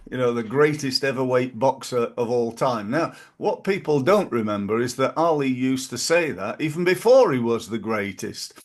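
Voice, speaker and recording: A middle-aged man, hosting a podcast in a casual motivational monologue and jumping his pitch up to stress key phrases. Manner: animated, punches quoted catchphrases with big pitch jumps. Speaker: podcast host.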